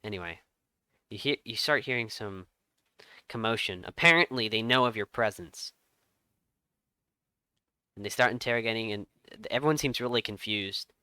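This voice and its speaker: A man runs a tabletop game, narrating each scene with measured, dramatic pauses. His voice is bright and crisp. The sound is dry and close to the mic. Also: fairly low pitch, no room sound. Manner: lively storytelling with dramatic pauses. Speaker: game master.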